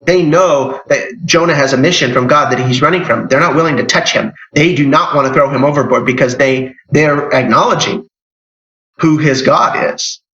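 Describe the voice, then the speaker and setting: Bright-voiced man preaching in an echoey hall. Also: on the high side, moderate pace. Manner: conversational, with frequent restarts and emphatic rises. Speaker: church elder teaching a Bible lesson. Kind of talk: informal sermon. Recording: echoey church hall, dull lo-fi sound.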